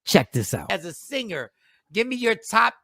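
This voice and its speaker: A man hosting a podcast, talking in loud, joking, hyped casual chat. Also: high voice, big pitch swings, normal speed, vocal fry, dry recording, studio quality. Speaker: host.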